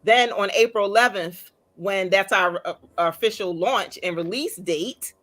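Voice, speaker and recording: A woman hosting a casual chat about a book launch, emotional and laughing, acting out excited reactions. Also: mid-range voice, normal speed. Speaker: host.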